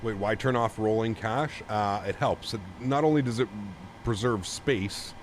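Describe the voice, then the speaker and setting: A man's voice: on the low side, a little slow. A man from Canada streaming a flight sim, chatting casually and thanking viewers as he reads chat. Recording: steady background noise.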